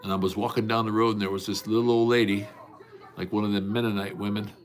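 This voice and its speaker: Deep-voiced man rambling folksy on a livestream. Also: level tone, fast talker, some chatter behind, a little hiss or hum. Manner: folksy, rambling, with many fillers and restarts. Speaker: livestream host. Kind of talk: casual livestream chat, greeting and answering viewers. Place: at home.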